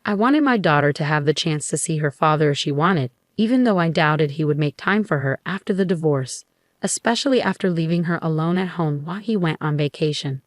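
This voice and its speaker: A woman telling a first-person story in an even, measured way. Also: low-pitched, dry recording, clean studio sound.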